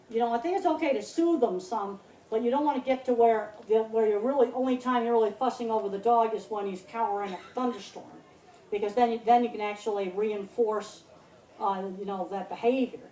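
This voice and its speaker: This woman in her sixties addresses a country fair crowd outdoors, blunt and emphatic, repeating words to drive points home. Her voice is fairly high-pitched and mellow. The audio sounds roomy and distant, with faint noise.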